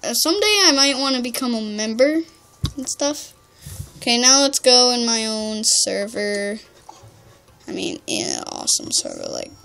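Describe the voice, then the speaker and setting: A woman's voice: on the high side, huge pitch swings, normal speed, creaky, fairly bright tone. A young woman giving chatty, rambling let's-play commentary, full of "like". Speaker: gamer.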